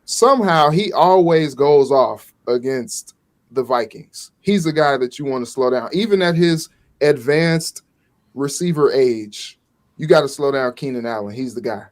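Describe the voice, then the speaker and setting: A man's voice: mid-range voice, expressive, a little slow. A man on a sports show panel, stat-heavy and emphatic in his analysis.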